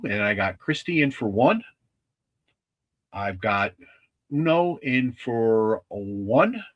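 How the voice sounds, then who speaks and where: A man hosting a casual livestream with a husky voice, talking in a rambling, halting way with many restarts. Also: medium pitch, a bit bright. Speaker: livestream host.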